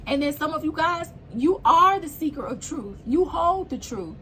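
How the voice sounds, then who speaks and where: Blunt high-voiced woman tarot reader. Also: lively intonation, moderate pace, bright, forceful tone, slight background noise. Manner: blunt, preachy, swears freely. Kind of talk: casual spiritual tarot reading.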